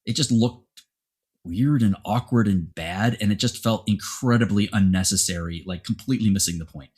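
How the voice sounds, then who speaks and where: Male podcast host, husky and low-pitched, rambling casual chat. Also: normal speed. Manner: rambling, animated opinions.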